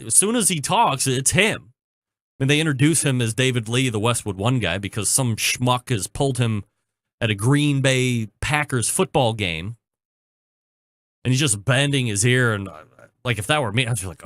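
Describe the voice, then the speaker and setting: A man hosting his own podcast, telling a story in a chatty, joking way with quick asides, then reading a sponsor spot. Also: medium pitch, a bit bright, no room sound, studio quality. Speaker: podcast host. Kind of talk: casual chat and sponsor read.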